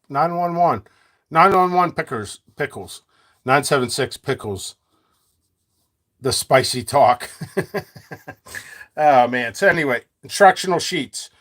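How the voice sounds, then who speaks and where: Seed guy rambling to his viewers, jokey, kinda high voice that jumps all over. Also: animated, takes it slowly, pauses often, fairly bright tone. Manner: rambling, joking, laughs a lot. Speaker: seed seller and channel host. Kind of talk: free-flowing casual talk to viewers.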